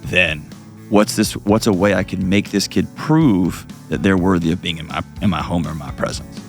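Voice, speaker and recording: A man's voice: deep voice, faint music behind. A man hosting an advice call-in show, earnest and emotional. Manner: earnest, emotional, pauses heavily. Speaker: radio show host.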